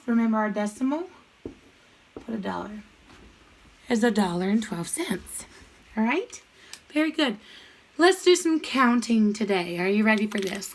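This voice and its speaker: A woman teaching an online math lesson to young children, cheerful and sing-song, breaking into short rhymes. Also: on the high side.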